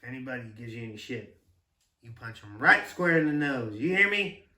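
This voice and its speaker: A man putting on a gruff old woodsman dad. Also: medium pitch, sing-song, brisk, pushed and bright. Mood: stern. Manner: blunt, drawling tough-guy talk. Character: gruff tough woodsman father, older man. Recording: roomy sound from a distant mic.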